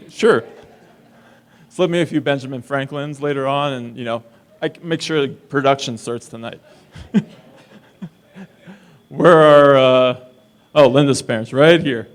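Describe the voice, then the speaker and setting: A man's voice: mid-range voice, a little slow, long pauses. A man giving a best man's wedding toast, teasing and wisecracking with the guests at a reception in a distillery. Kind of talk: joking wedding speech.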